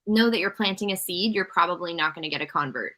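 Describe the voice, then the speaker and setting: Bright-voiced woman on a video call. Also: on the low side, quick pace. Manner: thoughtful, mimics others in quotes. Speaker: co-host. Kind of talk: casual live-stream chat. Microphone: computer's built-in microphone.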